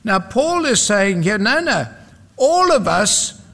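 A man's voice: sits high, big pitch swings, slow pace, gravelly, fairly bright tone, big-room sound. A South African man preaching a sermon, emphatic and repetitive, with humorous asides.

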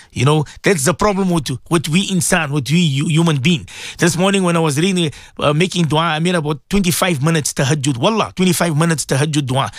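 A man's voice: fairly high pitch, a little fast, no room sound, clean studio sound. A man hosting a morning radio show as a Maulana, talking casually and animatedly to listeners, often repeating words as he pleads and exclaims.

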